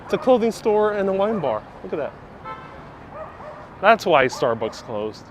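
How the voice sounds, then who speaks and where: A man's voice: sits high, big pitch swings, a little slow, a little hiss or hum. A man hosting a casual live-stream walking tour outdoors on city streets, chatting away and reading out viewer comments with frequent laughs. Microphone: wireless clip-on mic with phone on gimbal.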